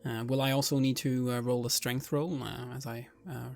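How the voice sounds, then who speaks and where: A man's voice: medium pitch, level tone, moderate pace, vocal fry. A man playing a tabletop game, asking about rules and describing his actions hesitantly, with many fillers. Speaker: player.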